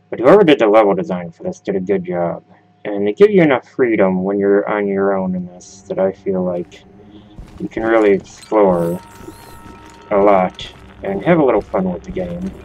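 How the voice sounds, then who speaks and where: Male let's-play host, deeper voice, loose joking commentary. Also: moderate pace, long pauses, a little mellow, lo-fi sound, slight background noise. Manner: rambling, joking, swears at the game. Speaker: gaming channel host.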